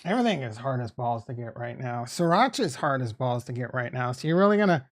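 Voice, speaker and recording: A man's voice: medium pitch, animated, quick pace. Rambling, profane Boston-accented man. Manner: rambling, profane, talks back to chat. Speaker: crypto streamer reading chat. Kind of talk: casual livestream chat.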